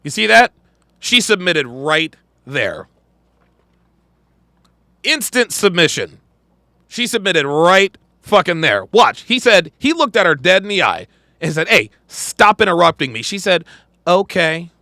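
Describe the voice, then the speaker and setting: Male podcast host, high animated pitch, bright tense tone, profane emphatic reaction commentary. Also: a little slow, pauses often, dry recording. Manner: profane, emphatic, repeats lines.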